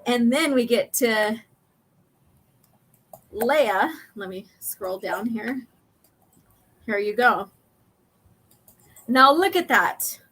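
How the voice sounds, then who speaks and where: Chatty woman host, slightly high voice. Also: animated, very slow, long pauses, fairly bright tone, a little hiss or hum. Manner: chatty, reads comic lines aloud with many ums. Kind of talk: casual chat walking through comic pages.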